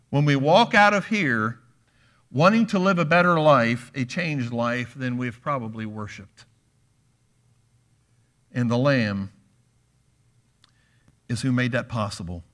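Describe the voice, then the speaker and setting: A male preacher with a bright, forward tone delivers an earnest, emphatic sermon in a church, posing question after question to the congregation. His voice sits in a middle register. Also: medium pitch. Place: church sanctuary.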